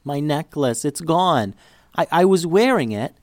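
Man doing a young girl, storybook, tearful, pleading, raised pitch, dry sound. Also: animated, measured pace, a little mellow, no echo. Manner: pleading, emotional.

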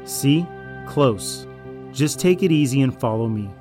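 Man doing a manipulative raider, smug, menacing, audio drama, medium pitch. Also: animated, a little slow, music in the background, lightly acted. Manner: falsely friendly, then arrogant and threatening.

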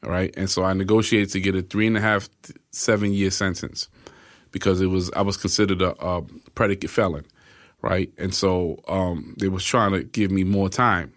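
A man in his forties with a lowish voice talks as an interview guest. He tells his story in a relaxed way, slipping into the voices of the people he quotes and checking in with a frequent "right?". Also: normal speed. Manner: acts out quoted voices, often asks "right?". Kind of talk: casual storytelling.

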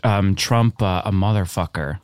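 A man's voice: low-pitched, normal speed, smooth, no echo, studio quality. A man co-hosting a comedy podcast, offhand and playing along. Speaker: podcast co-host. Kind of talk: casual comedic chat.

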